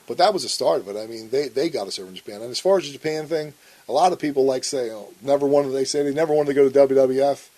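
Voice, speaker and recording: In a blunt interview, a male guest tells a story at a fast clip, swearing often and acting out the arguments he describes. His mid-range voice has a warm tone, though the recording quality is low.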